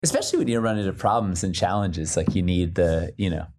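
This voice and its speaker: An excitable man with a very deep, dark, mellow voice, talking as a guest on a casual podcast. He rambles and restarts his sentences in his eagerness to explain things. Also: quick pace. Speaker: podcast guest, creative director.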